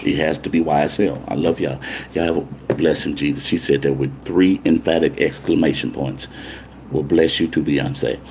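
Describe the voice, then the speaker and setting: Brief: male pastor, very low voice, playful livestream sign-off, faint background hiss. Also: steady tone, moderate pace, darkish tone. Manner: playful, teasing, talks to chat comments. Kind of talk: casual livestream sign-off to viewers.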